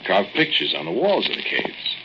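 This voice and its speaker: A man's voice: lowish voice, wildly swooping pitch, normal speed, highs cut off. An actor playing a plain-spoken, easygoing man sheltering from the rain in a cave, in 1940s radio acting style, from a scratchy old radio disc.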